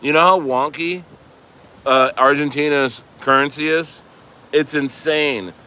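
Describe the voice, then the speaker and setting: A man reads his chat aloud and responds loosely during an outdoor coastal livestream, laughing a lot and drifting off mid-sentence. He speaks unhurriedly, at fairly high pitch, with fairly even intonation and a sharp tone.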